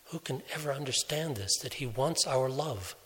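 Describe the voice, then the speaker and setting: A man preaching a sermon, telling a story slowly and deliberately, softening his voice for quoted speech. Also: mid-range voice, animated. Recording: long hall reverb.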